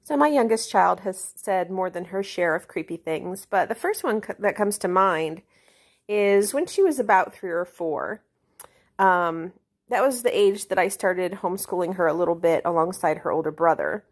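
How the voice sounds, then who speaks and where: A woman, a homeschooling mother, calmly recounts an eerie thing her child said. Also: fairly low pitch, normal speed. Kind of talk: calm storytelling.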